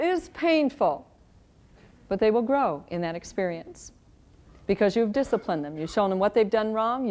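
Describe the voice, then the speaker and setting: A middle-aged woman giving a live parenting lecture, wry and lively, acting out quoted parents and kids. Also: mid-range voice. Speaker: parenting speaker.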